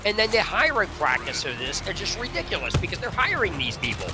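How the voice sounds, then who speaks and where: A man's voice: high voice, huge pitch swings, fairly quick, over music. A man ranting indignantly over gameplay, rambling with restarts and swearing freely. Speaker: gaming streamer. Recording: noisy game audio behind. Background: gunfire and game sounds.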